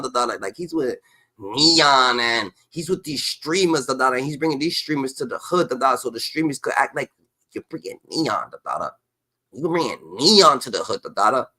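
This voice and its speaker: A man's voice: a little high, bright, forceful tone. Heated, profane man ranting. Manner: heated, repetitive, profane, peppers speech with a filler tag. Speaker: commentator.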